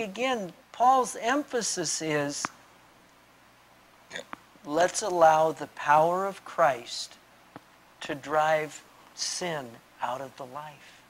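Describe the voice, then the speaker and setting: A man speaking as a pastor, unhurried and deliberate as he works through a passage. He keeps addressing his interviewer by name, restarts phrases, and leans on plain everyday examples between quoted verses. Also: high-pitched, a bit bright, low-quality recording. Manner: explains with homely examples and quotes scripture. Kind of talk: answering questions in a Bible discussion.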